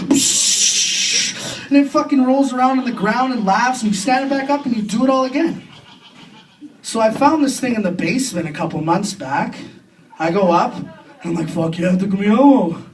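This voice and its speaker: A young Canadian man doing a crude, self-deprecating stand-up comedy set on a club stage, with quick impressions between punchlines. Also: extremely high pitch. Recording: distant club recording with faint room noise.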